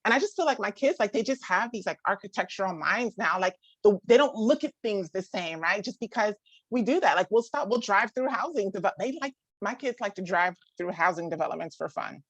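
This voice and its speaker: This woman in her thirties has a medium pitch and lively intonation as she speaks casually to a live group about parenting. She says "like" often, restarts her sentences, laughs a lot and imitates other people. No echo is present.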